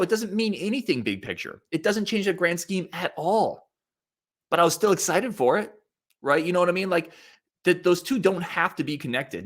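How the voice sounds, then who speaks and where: On the high side and a bit bright, a man hosts a sports podcast by himself. Casual and opinionated, he reads comments from listeners and often backs up to restart his sentences, filling gaps as he goes.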